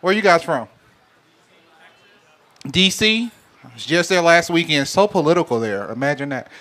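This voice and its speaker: A man works a live crowd as host. His voice sits a bit on the high side, and he talks in a loose, teasing, conversational way, joking with the people in front of him. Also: lively intonation, moderate pace, a bit bright. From Alabama. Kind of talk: live show hosting, bantering with the audience. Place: live event venue with an audience.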